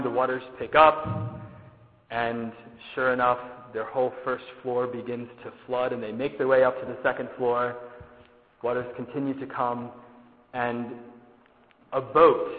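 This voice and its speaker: A man's voice: medium pitch, reverberant, big-room sound, phone-quality sound. A man preaching a sermon in a church, telling a story and acting out its dialogue.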